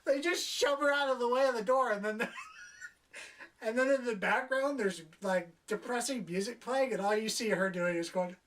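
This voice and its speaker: A woman's voice: a little high, normal speed, recorded from a distance. A young adult woman giving a casual spoiler review of a movie, exasperated and profane, doing mocking impressions of the characters.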